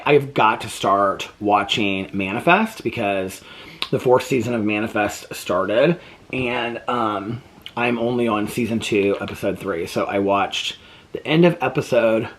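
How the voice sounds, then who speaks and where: A man vlogging at home in a casual, rambling chat full of fillers, cooing to his pet between stories. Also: unhurried. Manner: chatty, rambling with many fillers; coos to his pet in high baby talk.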